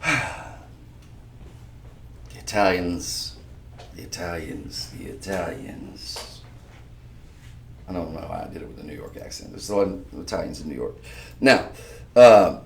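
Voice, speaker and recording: A man hosting a live-stream jewelry sale, talking to viewers in a chatty, emphatic sales pitch. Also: roomy sound, distant mic. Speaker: shopping channel host.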